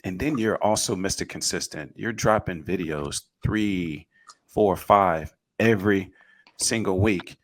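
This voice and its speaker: A man's voice: deep voice, unhurried. A man co-hosting a casual online panel, upbeat and steering the talk from one segment to the next. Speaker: co-host.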